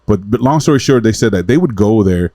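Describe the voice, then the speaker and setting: A man in his forties hosts a casual podcast, racing through rough, profane stories. His voice sits a little low and moves fast. The mic is close and dry. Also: lively intonation, mellow, dry recording. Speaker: podcast host. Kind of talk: casual chat.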